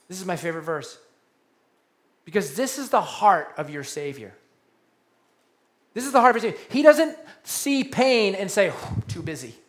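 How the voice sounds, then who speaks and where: A man preaching a sermon, animated, repeating key phrases and dropping to a hushed voice for emphasis. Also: high-pitched, moderate pace, pauses often. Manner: animated preaching, repeats key lines, drops to quiet soft tones for emphasis. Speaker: pastor.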